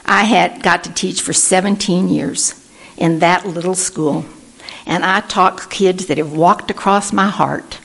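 An older woman gives a personal testimony at a recovery meeting. Her voice is husky and gravelly and sits a little low, and she tells her story earnestly, putting on the voices of the people she quotes. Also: fairly even intonation, a little slow, a bit bright. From Texas.

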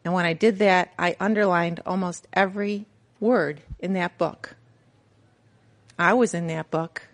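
A woman's voice: on the low side, steady tone, measured pace. A middle-aged woman giving a candid personal testimony to a recovery group, storytelling with self-mocking humor. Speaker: recovery meeting speaker.

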